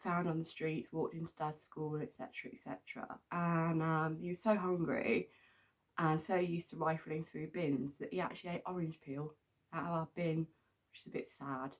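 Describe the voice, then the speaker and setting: A woman's voice: low-pitched, little pitch movement, moderate pace. A middle-aged woman from England telling rambling stories in a casual, chatty way, with many ums and frequent laughs. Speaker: vlogger. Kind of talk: casual storytelling.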